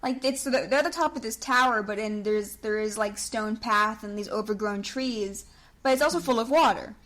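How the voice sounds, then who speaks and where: A woman's voice: fairly high pitch, moderate pace, a bit bright. Giggly woman podcast co-host. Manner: chatty, giggly. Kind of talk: casual podcast recap chat.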